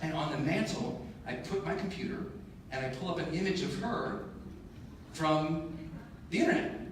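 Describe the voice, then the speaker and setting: Man, high-voiced motivational speaker, emphatic and self-mocking, live in a big hall with room noise behind. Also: moderate pace. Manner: animated, emphatic storytelling with self-deprecating humor. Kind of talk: live keynote storytelling. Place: large conference hall. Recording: echoey hall, distant mic, audible room ambience.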